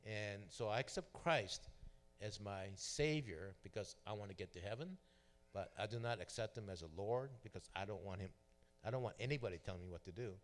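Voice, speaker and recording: Man telling his testimony in a church. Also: fairly low pitch. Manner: storytelling, acts out quoted dialogue. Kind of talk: personal testimony. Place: church sanctuary. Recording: long hall reverb.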